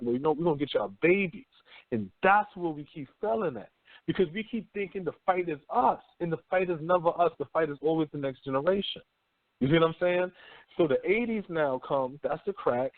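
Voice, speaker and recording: A talk radio host with a fairly high, brisk male voice rambles through a profane, slangy casual monologue, animatedly acting out people in mock voices. The audio is tinny, like a phone line, with no room sound.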